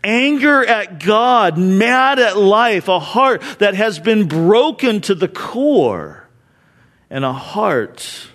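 A middle-aged male preacher giving a sermon, dropping from loud emphasis to hushed near-whispers. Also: a little high, animated, slow.

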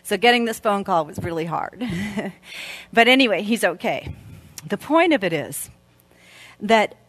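A woman in her fifties speaking at a women's church event, telling a story in an animated way and laughing often. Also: mid-range voice, measured pace, slightly rough, dry recording.

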